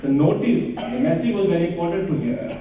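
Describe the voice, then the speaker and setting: A man from Germany, a politician on a conference panel, telling a story quickly and switching between languages. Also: fairly high pitch, lively intonation, dark tone, slight background noise. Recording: echoey hall, far from mic.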